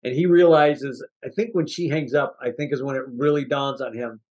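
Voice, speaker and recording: A man's voice: mid-range voice, fairly even intonation, moderate pace, darkish tone. A man co-hosting a movie review podcast, chatting casually and acting out scenes from the film with laughter. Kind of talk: casual chat.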